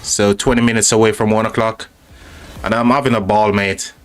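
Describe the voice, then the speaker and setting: Chatty British man, lowish voice. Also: flat delivery, moderate pace, clean tone, faint music behind. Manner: chatty and friendly, calls viewers mate and buddy. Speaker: live-stream host. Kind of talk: casual chat reading out viewer comments.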